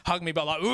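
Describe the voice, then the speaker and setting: A man's voice: a little high, a bit bright. A young Australian man doing a stand-up comedy set on a club stage, crude and self-mocking, often breaking off to laugh at himself. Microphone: handheld stage mic.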